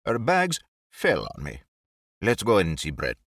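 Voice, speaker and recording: A man voicing a cheerful, tipsy young gentleman who talks in a rambling, affectionate way. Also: fairly low pitch, huge pitch swings, moderate pace, no echo, clean studio sound, exaggerated voice.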